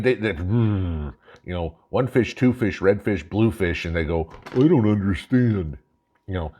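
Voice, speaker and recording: Deep-voiced man in an angry rant. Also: slightly rough. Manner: angry, blunt, profane and mocking. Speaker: channel host. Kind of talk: ranting political monologue.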